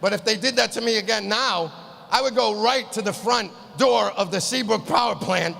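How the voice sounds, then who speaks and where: A male comedian rants through his set with profane exasperation, his high voice bright and gravelly. His shouted punchlines ring out into the long reverb of a live hall over faint room noise. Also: normal speed. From East Boston. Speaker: stand-up comedian.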